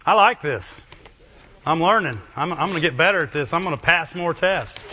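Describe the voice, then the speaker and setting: A man preaching an animated sermon in a bright, forceful voice, keeps checking in with the crowd with quick questions. Slightly high for a man. The recording is dull and lo-fi. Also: a little hiss or hum. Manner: animated, asks the congregation questions.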